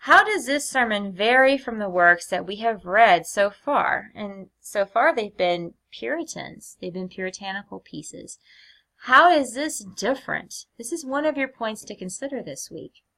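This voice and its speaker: A woman teacher giving a recorded lecture in a clear, measured way, often putting questions to her students. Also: mid-range voice, lively intonation, sharp tone.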